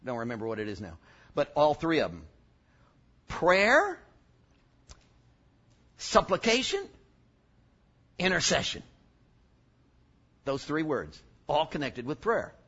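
Male preacher, sermon, joking, emphatic, very lively pitch, bright tone. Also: slow, pauses often, muffled recording.

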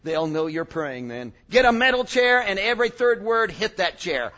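Male preacher, sermon, joking, emphatic, very lively pitch, bright tone. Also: moderate pace, hardly any pauses, lo-fi sound.

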